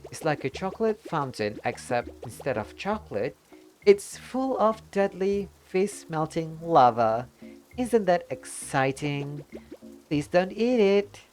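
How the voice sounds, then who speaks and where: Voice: mid-range voice, big pitch swings, extremely slow, few pauses, soft background music, voice pushed up. A streamer doing a cheery lodge keeper with a put-on accent. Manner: put-on accent, welcoming and formal. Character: cheery lodge keeper hosting a guest by a volcano. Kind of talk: reading game dialogue aloud in character.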